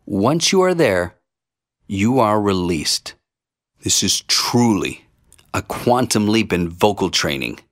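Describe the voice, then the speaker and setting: A man giving a singing lesson as a vocal coach, explaining and demonstrating vocal fry. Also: on the low side, dry recording, clean studio sound.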